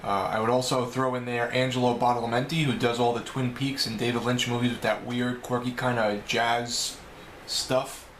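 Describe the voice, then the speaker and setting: A man with a New York accent talks casually to his camera, rambling and correcting himself as he works through a list of questions. His voice sits at an ordinary middle pitch. The room around him is roomy and echoing, with a faint hum of ambience behind. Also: flat delivery, moderate pace, few pauses, fairly bright tone. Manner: rambling, self-correcting, chatty. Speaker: video blogger. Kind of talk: casual vlog answering questions. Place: home room.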